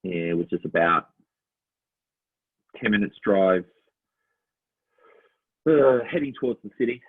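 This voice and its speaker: Speaking slowly in a low, slightly breathy voice, a middle-aged man with an Australian accent co-hosts a relaxed podcast. He tells stories with lots of animation, laughs often and drops into little voices, all through a tinny phone-quality line.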